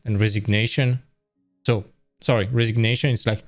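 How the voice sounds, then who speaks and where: A man's voice: mid-range voice, steady tone, fast talker, soft background music. Tired man rambling on a stream. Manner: rambling, self-correcting, conversational. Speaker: art stream host. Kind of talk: casual live-stream talk.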